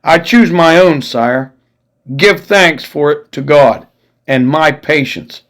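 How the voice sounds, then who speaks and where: A proud, defiant musketeer captain, as a male reader puts him on, speaking with grave, impassioned force. The voice sits a little high for a man. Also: slow, a bit bright, low-quality recording. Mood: indignant.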